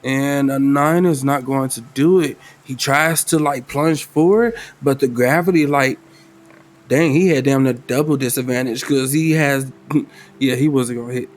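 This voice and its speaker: A man running a solo tabletop game as game master, talking loosely in slang and thinking out loud. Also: mid-range voice, steady tone, measured pace. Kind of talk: casual tabletop game narration.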